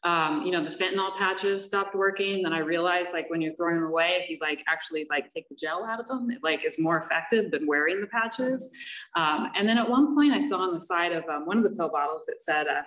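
A woman telling her recovery story as a personal testimony, candid and halting, with many fillers and wry laughs. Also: on the low side, a bit bright. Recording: echoey room, voice from a distance.

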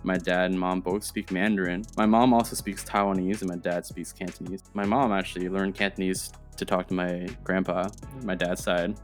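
A relaxed American man with a lowish voice chats casually as a podcast co-host over a call. He laughs easily and stumbles over the first words of a thought. Faint music sits underneath. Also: normal speed, few pauses. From United States. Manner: relaxed, laughs often, repeats words when starting. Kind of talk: casual chat. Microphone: remote call.

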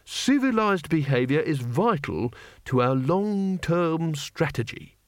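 A man voicing a prim, fussy male schoolteacher who speaks in a precise, deliberate way. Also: on the high side, expressive, no echo, voice pushed up. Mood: lecturing.

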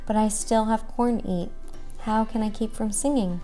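A woman's voice: fairly high pitch, steady tone, moderate pace, mellow, soft background music, natural voice. A woman voicing a cheerful, stubborn little rooster in a storybook read-aloud, with a lilting, lifted voice. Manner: cheerful, determined.

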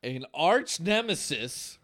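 Animated, profane male podcast storyteller. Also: on the high side, slow. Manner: animated, profane, laughs often. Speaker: podcast co-host. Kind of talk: casual chat, storytelling folklore.

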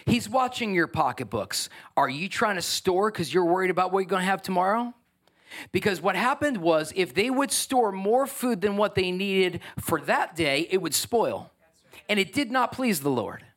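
Passionate high-voiced man preaching a sermon. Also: lively intonation, normal speed, fairly bright tone. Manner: passionate, preaching with rising intensity and rhetorical questions; casual asides and humor. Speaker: pastor. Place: church. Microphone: microphone.

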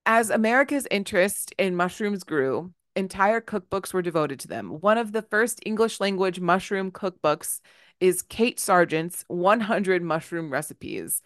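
A woman's voice: medium pitch, expressive, unhurried, no echo, studio quality. A woman co-hosting a casual podcast, reading her notes aloud, stumbling over hard words and laughing at herself. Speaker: podcast co-host presenting research.

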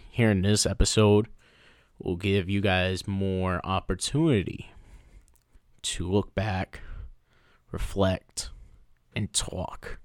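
Animated low-voiced man sharing a story. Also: dry recording, clean studio sound. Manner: animated storyteller who slips into playful voices. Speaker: podcast co-host. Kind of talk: casual chat.

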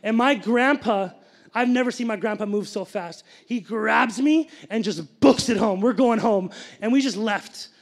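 A young male pastor delivers a sermon built around a personal story, with a fairly high voice. He talks in an animated way and keeps breaking off to address the congregation directly. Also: moderate pace. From grew up Sikh, family from India.

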